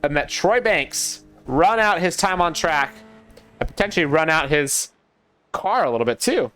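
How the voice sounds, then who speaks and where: A young man casting a sim racing league live, chatty and excitable, talking to his co-caster and to the chat. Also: fairly high pitch, normal speed, clean tone, soft background music. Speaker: race caster.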